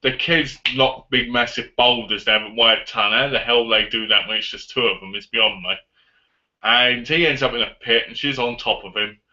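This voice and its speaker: A man casually reviewing a film on his vlog, retelling the plot in an animated way and acting out the lines. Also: mid-range voice, moderate pace. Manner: animated retelling with acted-out quotes. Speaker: movie reviewer. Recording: dull lo-fi audio.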